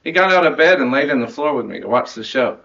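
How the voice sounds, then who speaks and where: A man's voice: medium pitch, expressive, fast, fairly bright tone, lo-fi sound. A man in his thirties, a marching band director, giving a heartfelt end-of-season speech to his students, earnest and rambling with laughs and restarts.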